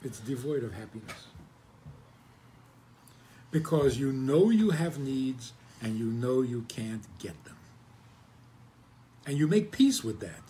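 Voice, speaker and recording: A man's voice: mid-range voice, sing-song, slow pace, pauses often, warm tone. A male rabbi teaching in an easy, conversational way, with a mid-range voice. He poses rhetorical questions and chuckles at his own dry jokes. A faint hiss sits under the recording. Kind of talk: conversational Torah talk.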